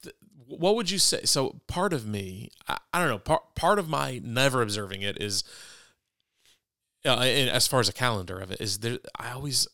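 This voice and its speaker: A man's voice: medium pitch, expressive, normal speed, creaky, pushed and bright, no room sound, studio quality. A man co-hosting a casual faith discussion podcast, conversational and self-deprecating, often restarting his sentences. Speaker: podcast co-host.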